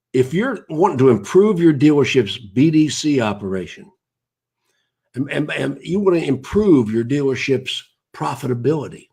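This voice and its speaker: Older guy rambling on a live stream, kinda husky, chatty, keeps wandering off topic. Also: medium pitch, a little mellow. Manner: rambling, greets viewers by name mid-thought. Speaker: host of a live broadcast.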